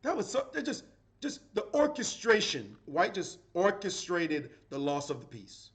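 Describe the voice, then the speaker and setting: A middle-aged man breaks down chess games live, his voice sitting a touch higher than most men's. He talks in a lively, playful way and throws in sudden dramatic exclamations. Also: measured pace. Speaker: chess grandmaster commentator.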